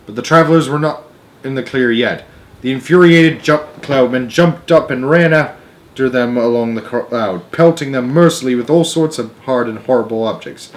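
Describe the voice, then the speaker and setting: A man reading a children's book aloud as storyteller, expressive with varied pacing. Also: medium pitch, moderate pace.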